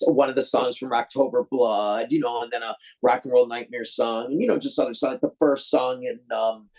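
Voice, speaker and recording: Husky rambling man telling a story. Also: mid-range voice, fairly even intonation, a little fast, a little mellow, rough recording. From Detroit, USA. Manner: rambling, acts out quoted voices; loose, many fillers and restarts. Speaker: guest filmmaker. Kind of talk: casual storytelling.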